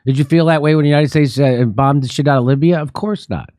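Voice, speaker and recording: A male talk-show host with a mellow, dark voice, riffing sarcastically and swearing freely. The sound is dry and close, with no room around it. He mixes news reading with mocking asides. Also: fairly high pitch, fast talker, no room sound. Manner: sarcastic, profane, jokey asides. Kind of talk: political comedy talk.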